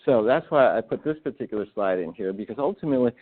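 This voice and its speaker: A man's voice: mid-range voice, lively intonation, fast. Man lecturing over tinny phone-like audio. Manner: emphatic, rhetorical questions, acts out patient quotes. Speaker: physical therapy lecturer. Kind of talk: continuing-education presentation.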